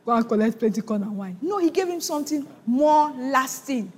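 A woman's voice: sits high, lively intonation, a little fast, darkish tone, slightly rough, big-room sound. A woman preacher teaching a sermon from the Bible, retelling the story animatedly and laughing often.

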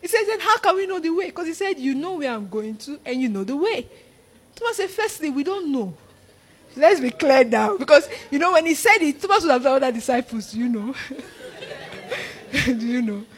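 A woman preaching a sermon, animated and laughing often as she acts out the disciples. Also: sits high, moderate pace.

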